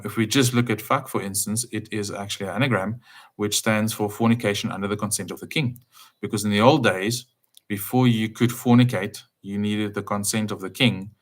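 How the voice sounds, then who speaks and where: A man giving an emphatic, casual spiritual talk, full of rhetorical questions and swings between loud and soft. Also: lowish voice. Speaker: speaker.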